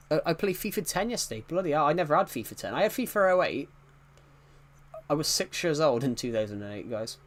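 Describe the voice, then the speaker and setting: A young British man in his twenties, live-streaming a football video game and chatting loosely, often restarting sentences and chuckling. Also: fairly high pitch. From United Kingdom. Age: 20s. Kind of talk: casual live-stream chat while playing a football game.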